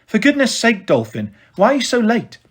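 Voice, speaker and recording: A man's voice: high-pitched, huge pitch swings, moderate pace, breathy edge, voice pushed up, heavily acted. A man reading aloud and voicing a stern, scornful female schoolteacher who scolds sharply. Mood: scolding.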